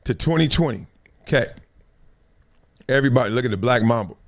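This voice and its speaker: A man's voice: mid-range voice, expressive, a little fast. A middle-aged man with a Los Angeles accent hosting a live show, telling a casual story and acting out the scenes and quotes. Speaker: show host.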